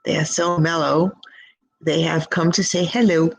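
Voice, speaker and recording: A woman as a slow, gravelly live-stream tarot reader, gushing and affectionate. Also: deep voice, flat delivery, poor audio. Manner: gushing, affectionate, drawn-out words. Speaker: psychic reader.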